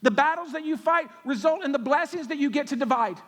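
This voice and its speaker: Pastor, male, very high pitched, punchy sermon cadence, long church reverb. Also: expressive, a bit bright. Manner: emphatic, repetitive preaching with quick jokes. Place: church sanctuary.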